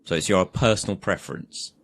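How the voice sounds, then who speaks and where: A man's voice: low voice, lively intonation, fairly quick, vocal fry, a bit bright, slight background noise. A man co-hosting a podcast, chatting casually with sweary, laughing banter. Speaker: podcast co-host. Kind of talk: casual chat.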